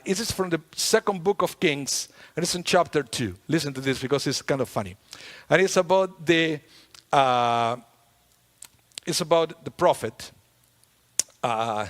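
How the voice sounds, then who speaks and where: A man giving a sermon as a rabbi, talking in a conversational, lively way with playful humor. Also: mid-range voice. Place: synagogue sanctuary. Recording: long hall reverb in a large sanctuary.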